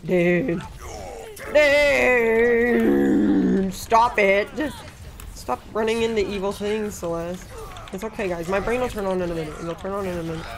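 Excitable woman gamer streaming, jokey self-talk, lotta swearing, regular mid voice. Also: medium pitch, a little slow. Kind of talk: casual gaming stream chat.

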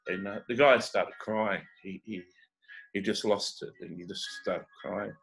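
A man with a fairly low voice tells his faith stories in a loose, conversational way. He stops and restarts often, leaning on "uh" and doubled words as he goes. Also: fairly even intonation, vocal fry, a bit bright, soft background music, poor audio. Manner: halting, full of "uh" fillers and repeated words. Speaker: evangelist sharing testimonies. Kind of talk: casual testimony storytelling.

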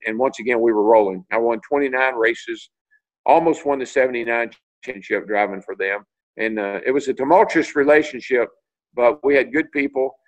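A man's voice: mid-range voice, rough recording. Older man telling racing stories. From Tennessee. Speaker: interview guest, retired racing driver. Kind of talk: storytelling in a video call interview. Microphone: video call.

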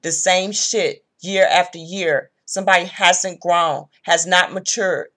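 A woman's voice: lowish voice, fairly even intonation, unhurried, fairly bright tone. Blunt, profane woman tarot reader. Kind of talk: casual tarot reading.

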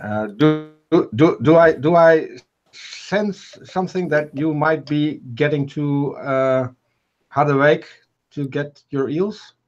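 A man's voice: on the high side, slow, highs cut off, faint music behind. A man from the Netherlands with a Dutch accent, joking around in a casual group chat.

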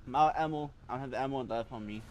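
A man commenting on a blind video game playthrough, excitable, swearing and yelling at enemies as he plays. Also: mid-range voice, rapid-fire, dull audio, slight background noise. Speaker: let's play gamer.

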